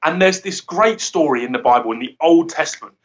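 A man's voice: fairly high pitch, animated, fairly quick, muffled recording. Earnest man giving a rambling devotional. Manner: earnest, rambling, laughs at himself. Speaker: guest speaker. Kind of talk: informal devotional talk.

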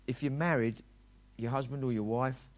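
A man's voice: medium pitch, steady tone, moderate pace. A middle-aged man preaching a sermon as a pastor, talking conversationally and acting out dialogue in quoted voices.

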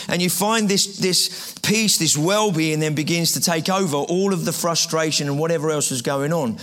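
A man with a noticeably high voice delivers a sermon to a live audience. He talks conversationally rather than formally. He repeats his phrases and stops to ask the room questions. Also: normal speed, hardly any pauses, a bit bright. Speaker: preacher.

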